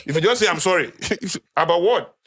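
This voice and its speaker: A man's voice: sits high, animated, brisk, fairly bright tone, slightly rough, no room sound. A man with a Nigerian accent, a podcast guest lecturing in a conversational way, repeating key phrases for emphasis. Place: podcast studio.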